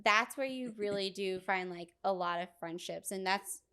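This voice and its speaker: A woman with a smooth, clear voice co-hosting a casual podcast. She speaks earnestly and agreeably, often chiming in with short yeahs. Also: medium pitch, normal speed, pushed and bright. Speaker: podcast co-host. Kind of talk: casual chat. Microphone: podcast microphone.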